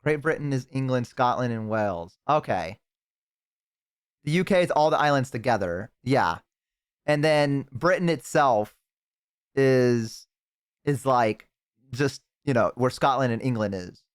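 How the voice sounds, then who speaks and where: A man's voice: mid-range voice, expressive, a little slow, long pauses, clear, resonant tone, no echo, clean studio sound. A man streaming live, chatting casually to his viewers, rambling and swearing freely.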